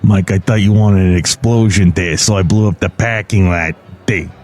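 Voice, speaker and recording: A man's voice: deep voice, steady tone, normal speed, darkish tone, faint music behind, voice pushed down, close to an everyday voice. A man voicing a blunt, earnest male boxer sidekick in a comedy podcast. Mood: matter-of-fact.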